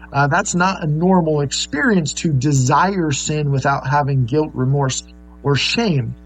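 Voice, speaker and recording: A man's voice: fairly high pitch, normal speed, poor audio. A man preaching a sermon, earnest and explaining, with many fillers and restarts. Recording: faint mains hum.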